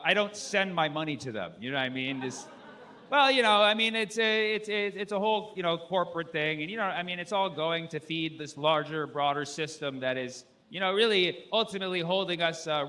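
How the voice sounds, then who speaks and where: A man's voice: fairly high pitch, sharp tone, slight background noise. A male stand-up comedian on stage, rambling loosely, swearing and laughing at his own jokes.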